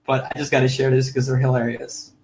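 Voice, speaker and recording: A man's voice: medium pitch, monotone, quick pace, a little mellow, low-quality recording. A man co-hosting a podcast in loose casual chat, laughing easily and swearing freely, speaking English as a second language. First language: not English. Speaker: podcast co-host.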